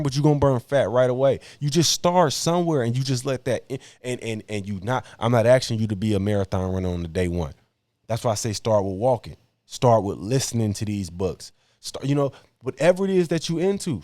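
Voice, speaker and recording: A man's voice: mid-range voice, a little mellow, no echo. Blunt, preachy podcast host man. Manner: blunt, preachy, slangy motivational talk. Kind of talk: casual podcast debate, preachy monologue.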